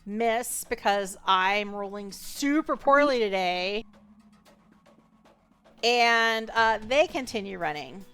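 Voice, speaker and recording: A woman narrating as game master of a tabletop game, relaxed and chatty, with lots of fillers and laughs. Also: mid-range voice, slow, faint music behind.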